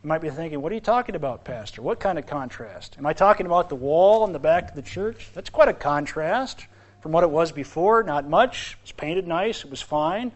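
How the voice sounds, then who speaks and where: Pastor, male, preaching in church; lively delivery with big swings in volume, voice on the high side. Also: brisk. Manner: animated, swings from exclaiming to quiet asides. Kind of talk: sermon.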